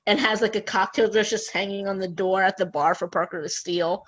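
A woman's voice: medium pitch, a little fast, husky. A woman co-hosting a podcast, casually and animatedly picking apart an episode. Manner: animated, incredulous asides. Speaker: podcast co-host. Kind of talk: casual chat recapping a TV episode. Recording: dull lo-fi sound.

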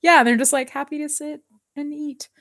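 A woman's voice: high-pitched, steady tone, moderate pace, fairly bright tone, dry recording, studio quality. A woman co-hosting a casual podcast, chatting with lots of fillers, recapping a TV episode and reading an article aloud. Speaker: podcast co-host.

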